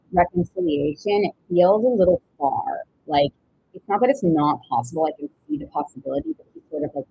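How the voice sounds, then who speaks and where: A woman doing a live-stream tarot reading, chatty, with breathy pauses and drawn-out exclamations. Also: mid-range voice. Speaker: tarot reader. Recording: dull lo-fi stream audio with faint noise.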